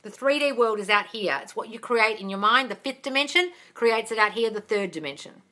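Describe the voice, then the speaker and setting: A woman in her thirties, a manifestation coach answering viewer questions on a live stream, chatty and quick to laugh, swearing casually and calling her viewers darling. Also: on the high side, lively intonation, sharp tone. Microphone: phone.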